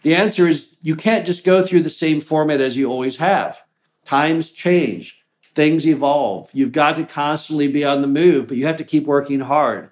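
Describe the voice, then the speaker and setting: A man's voice: fairly high pitch, normal speed. A man hosting a business show, giving an earnest, plainspoken motivational talk. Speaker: host of a mobile home park business show.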